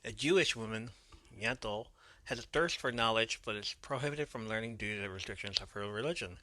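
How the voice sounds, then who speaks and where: A man's voice: on the low side, fairly quick, pushed and bright, no echo. A man hosting a podcast, casually recapping an episode in a loose manner, swearing now and then and correcting his own slips. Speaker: podcast host.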